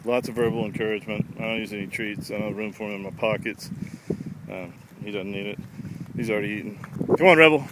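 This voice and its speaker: Man explaining dog training in loud wind. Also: lowish voice, flat delivery, fast. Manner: plain, easygoing explanation. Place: outdoors by a pond on a ranch, windy. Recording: loud outdoor wind noise. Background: wind and outdoor noise.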